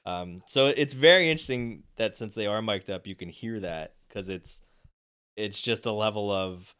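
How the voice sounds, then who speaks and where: A young man co-hosts a sports podcast and talks through game stats in a loose, rambling way. His voice sits low and comes across smooth and clear. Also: normal speed, fairly bright tone. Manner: rambling, many fillers and restarts. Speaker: podcast co-host. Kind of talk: casual sports chat.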